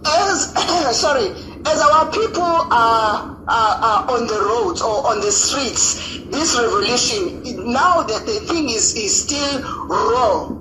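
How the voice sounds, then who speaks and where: A woman with a South African accent calling in to a radio show, impassioned and halting with fillers. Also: fairly high pitch, animated. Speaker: radio caller. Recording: echoey noisy phone line.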